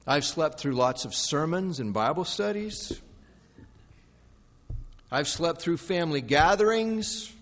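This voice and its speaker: A man delivers a sermon with a slightly high, very animated voice. He drops to soft, low passages and then rises to loud, pleading outbursts. His voice rings with the long reverb of a large hall. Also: slow pace, pauses often. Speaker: pastor.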